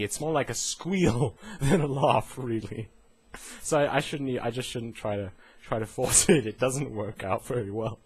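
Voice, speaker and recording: A man's voice: medium pitch, breathy edge. A man talking casually in a gaming vlog, laughing often and slipping into mocking put-on voices. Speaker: gaming vlogger.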